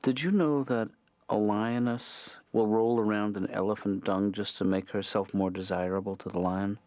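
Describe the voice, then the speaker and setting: An actor playing a mild-mannered middle-aged male therapist in an animated series, speaking softly with a dry, hesitant delivery. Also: on the low side, moderate pace, no echo, natural voice. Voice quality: soft-spoken, hesitant, deadpan.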